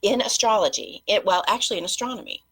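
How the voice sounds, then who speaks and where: A middle-aged woman hosting a casual monologue for her viewers, chatty and rambling, jumping between tangents and talking fast. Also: medium pitch, a bit bright, husky, low-quality recording. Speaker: host.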